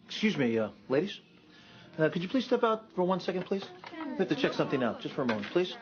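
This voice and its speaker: A man's voice: on the high side, big pitch swings, quick pace, highs cut off, over music. An actor playing a pushy man in a hurry in a TV drama. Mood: polite. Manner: pushy, urgent. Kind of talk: TV drama acting.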